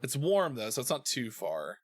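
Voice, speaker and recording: A man's voice: medium pitch, sing-song, normal speed. A young man hosting a stream, chatting casually and playfully, laughing often. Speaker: streamer host.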